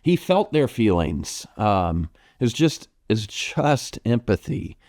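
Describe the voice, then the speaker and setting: Answering a question from the congregation, an American pastor speaks in a low, deep, sing-song voice, gentle and reflective in tone. He often pauses with "um" and starts his thoughts over. The audio is close-miked and dry, without echo.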